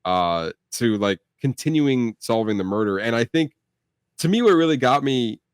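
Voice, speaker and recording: A man's voice: mid-range voice, expressive, moderate pace, clean tone, no echo, studio quality. A young man co-hosting a film review podcast, chatting casually and rambling with plenty of fillers. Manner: rambling, lots of "like" and restarts. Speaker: podcast co-host.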